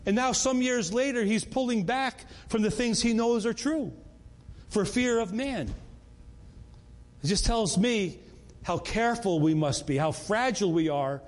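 A man's voice: sits high, moderate pace. A man leading a Bible study in an earnest, conversational way, often repeating words and restarting.

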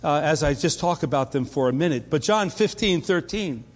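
Pastor guy preaching, kinda high voice, chatty and stops and restarts, echoey church. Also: animated, moderate pace. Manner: conversational, restarts often. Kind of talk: sermon.

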